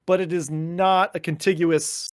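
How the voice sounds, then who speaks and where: A man's voice: on the high side, little pitch movement, measured pace. A man co-hosting a podcast, chatting casually and animatedly, slipping into mock voices and swearing. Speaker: podcast co-host. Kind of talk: casual chat.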